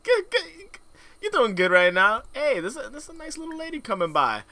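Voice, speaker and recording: A young man giving excitable, joking let's play commentary in slangy casual speech. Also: very high-pitched, brisk. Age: young adult. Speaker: gamer.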